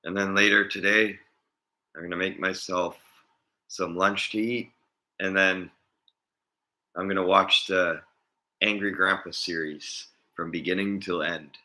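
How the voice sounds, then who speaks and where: Bright-voiced man rambling casually. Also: sits low, steady tone, unhurried, pauses often. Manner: rambling, chuckling often. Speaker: vlogger. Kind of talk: casual chat.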